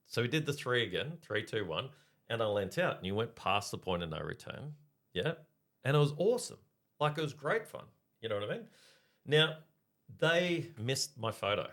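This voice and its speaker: A man's voice: lowish voice, moderate pace. A middle-aged man, co-hosting a podcast and telling stories in casual chat. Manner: storytelling, animated, checks in with listeners. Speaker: podcast co-host.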